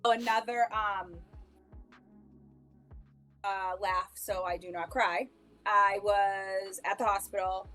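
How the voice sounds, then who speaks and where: A woman's voice: medium pitch, fairly even intonation, slow pace, pauses often, sharp tone, soft background music. A woman co-hosting a podcast, telling her own stories in casual chat, rambling with restarts and laughing at herself. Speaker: podcast co-host.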